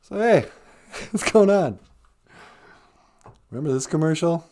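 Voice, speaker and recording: Male comedy stream host, playful and jokey, with an animated pitch. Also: a little slow. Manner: joking, playful. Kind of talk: comedic livestream chat.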